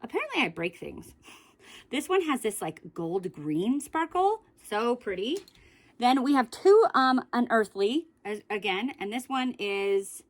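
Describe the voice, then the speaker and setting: A woman's voice: a little high, very animated, unhurried. Chatty woman vlogging a makeup declutter. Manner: chatty, rambling, self-correcting. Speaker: beauty vlogger. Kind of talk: casual makeup declutter vlog.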